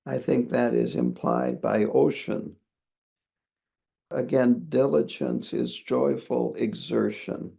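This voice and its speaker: A man, a Buddhist lama, explaining a scripture line by line in a measured, pausing way. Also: medium pitch, big pitch swings, gravelly, dark tone, breathy edge. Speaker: Buddhist lama teaching a text. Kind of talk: commentary on a scripture.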